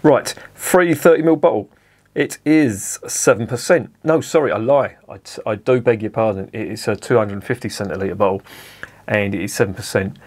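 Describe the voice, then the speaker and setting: A man's voice: on the low side, normal speed. Chatty man reviewing beer. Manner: chatty, self-correcting, swears at the camera. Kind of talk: casual review monologue.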